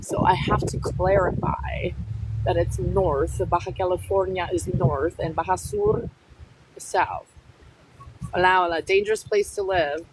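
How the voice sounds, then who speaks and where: A woman's voice: on the low side, steady tone, noisy background. A woman chatting casually on a phone live stream, reading comments aloud, blunt and feisty, dropping in Spanish words while she walks her dogs outdoors. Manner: blunt, feisty, quick to snap back at commenters.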